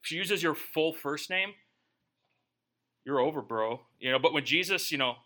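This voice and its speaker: A man's voice: fairly high pitch, sing-song, normal speed, sharp tone. A man preaching a sermon in a conversational way, with joking asides. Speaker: pastor.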